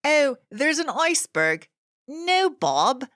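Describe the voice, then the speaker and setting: A woman putting on a British accent to voice an excitable person spotting an iceberg, in a high, theatrical voice. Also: takes it slowly, no room sound, studio quality, full character voice. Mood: giddy. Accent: put-on British.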